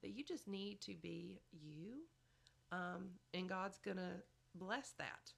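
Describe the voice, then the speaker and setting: Gravelly-voiced chatty motherly woman. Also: on the low side, slow. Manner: motherly, chatty, fills with "you know". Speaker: podcast guest. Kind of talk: casual advice chat.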